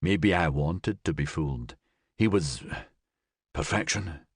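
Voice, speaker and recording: A man voicing a grieving young man who speaks softly in a shaky voice. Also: extremely low pitch, lively intonation, measured pace, breathy edge, no echo, clean studio sound, voice pushed down, full character voice. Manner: soft, shaky.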